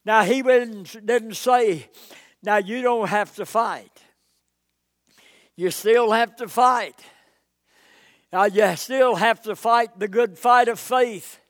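A man preaching a sermon, swelling to loud emphasis between "uh"s. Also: extremely high pitch, no echo, clean studio sound. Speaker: pastor.

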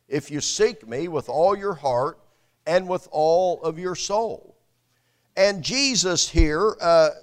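A male preacher reading scripture aloud and preaching, with a deliberate, slow delivery and frequent fillers in his own remarks. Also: a little high, a bit bright.

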